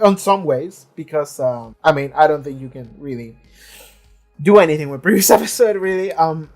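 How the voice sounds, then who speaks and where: A man casually reviewing a TV episode he just watched, rambling with many restarts and swearing freely. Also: a little high. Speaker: reaction channel host.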